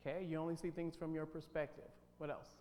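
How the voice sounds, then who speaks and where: A man running a workshop, emphatic and animated, firing questions at his audience. His voice sits a little high. It rings with a long reverb in a church hall, with a faint hum underneath. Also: fast. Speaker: workshop leader. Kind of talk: interactive workshop talk.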